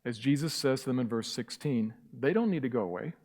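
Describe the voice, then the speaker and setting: A man's voice: medium pitch, brisk, hardly any pauses, a little mellow. A man preaching a sermon as pastor, emphatic and impassioned, repeating key phrases. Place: church sanctuary. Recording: church hall reverb.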